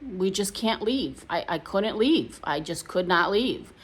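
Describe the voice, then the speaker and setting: A woman's voice: mid-range voice, animated, a little slow, breathy edge. A middle-aged woman vlogging, telling her own painful story in a casual, emotional, rambling way with many restarts. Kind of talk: casual personal storytelling to camera.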